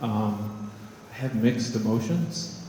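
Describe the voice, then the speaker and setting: A man's voice: on the low side, slow pace, mellow, slight background noise. A man, an artist and college professor, giving a wry, joking, conversational talk to an audience in a large hall. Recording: echoey hall with long reverb.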